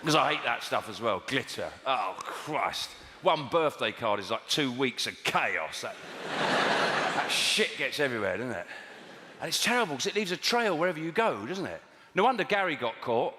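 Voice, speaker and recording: A London man doing stand-up, griping in a chatty, exasperated way, and his pitch swings all over the place. His voice rings through a big theatre with long reverb and roaring audience laughter behind him. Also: very animated, normal speed, heavy background noise. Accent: London English. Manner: conversational, exasperated, jumps to high squeals for emphasis. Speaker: stand-up comedian. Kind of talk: stand-up comedy routine. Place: large theatre stage before a live audience. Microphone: stage microphone. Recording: roomy hall reverb, loud audience laughter.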